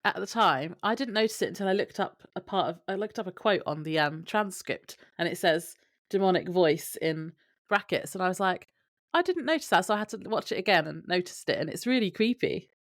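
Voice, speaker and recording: A woman with a lowish voice chats easily on a podcast. She talks in a relaxed way and mostly adds brief, agreeing replies. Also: a little fast. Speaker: podcast co-host. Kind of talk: casual chat, reacting to a TV recap.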